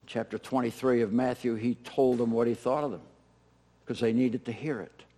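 A man preaching a sermon with dynamic delivery, rising to loud emphatic peaks and dropping to soft, near-whispered lines, with self-deprecating humor. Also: mid-range voice, little pitch movement, moderate pace. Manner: self-deprecating humor, laughs at own stories. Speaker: pastor.

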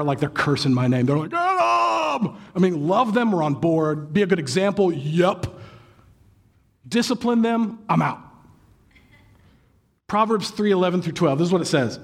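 A man in his thirties delivers a sermon in a slightly high, husky voice. He tells stories animatedly, throwing in acted sighs and exclamations. It has the easy, personal feel of a pastor talking to his congregation.

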